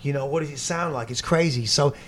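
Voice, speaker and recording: A man telling stories in a casual chat, animated and swearing, jumping between tangents. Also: medium pitch, fairly quick, slight background noise. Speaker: guest musician.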